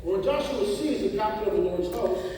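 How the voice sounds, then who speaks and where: A man giving a talk to a live audience, animated and full of rhetorical questions. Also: high-pitched, a little fast, over a noisy crowd. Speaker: conference speaker. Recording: echoey hall recording from far off.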